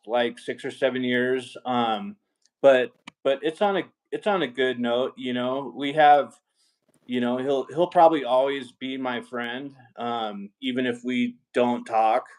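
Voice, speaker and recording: A man with a Southern California accent, a guest in a casual interview, talking slowly with many ums and you-knows. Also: medium pitch. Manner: slow, mellow, full of ums and you-knows.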